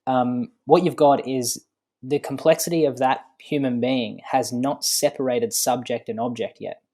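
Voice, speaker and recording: Thoughtful man explaining slowly. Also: mid-range voice, fairly even intonation, warm tone. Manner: thoughtful, explains slowly with many fillers, laughs often. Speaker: guest. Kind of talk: casual podcast conversation.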